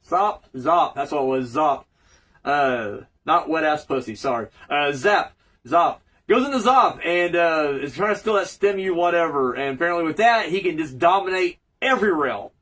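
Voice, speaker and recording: Lively high-voiced man recapping casually. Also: moderate pace, rough recording. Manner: rambling, profane, joking asides. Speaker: cartoon reviewer.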